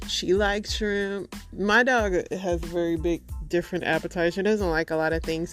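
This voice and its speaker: Chatty woman podcaster, slangy and joking. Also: mid-range voice. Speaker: podcast host. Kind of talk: casual solo podcast chat.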